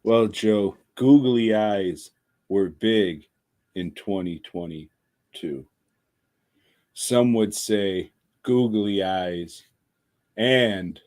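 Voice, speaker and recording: Low slow guy on a podcast, deadpan, swears for laughs. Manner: profane, deadpan jokey. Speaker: podcast co-host. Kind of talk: casual podcast chat.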